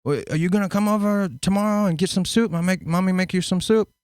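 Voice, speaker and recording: A doting mother, soft and fussing, coaxing her grown son to come over, as a man puts on her voice. Her voice sits well above his own low register. The sound is dry and close. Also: fast talker, clean tone, no echo, natural voice. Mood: tender.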